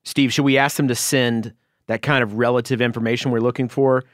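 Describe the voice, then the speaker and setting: A man's voice: mid-range voice, flat delivery, brisk, no echo. A man trading dry, wry jokes in a casual podcast chat.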